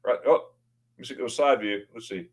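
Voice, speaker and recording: A man hosting a casual livestream, greeting viewers by name and reading their comments, excitable and often stammering as he restarts his words. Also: medium pitch, a little fast. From United States. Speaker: livestream host.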